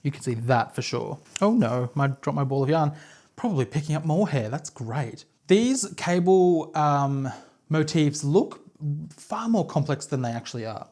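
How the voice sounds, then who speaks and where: A woman's voice: low-pitched, lively intonation, normal speed, dark tone. Chatty Australian woman, self-deprecating host. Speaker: knitting podcast host. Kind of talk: casual chat to camera. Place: home, on her couch.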